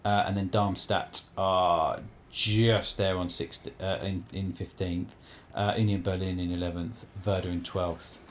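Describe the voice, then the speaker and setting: A man on a casual football podcast, reading out results as a halting list and stumbling over team names. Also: deep voice, level tone, a little hiss or hum. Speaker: podcast co-host.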